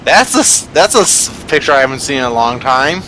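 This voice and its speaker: A man's voice: medium pitch, very animated, brisk, bright, forceful tone, slight background noise, poor audio. A man, a player in a tabletop game, chatting casually over voice chat and rambling, constantly restarting and correcting himself.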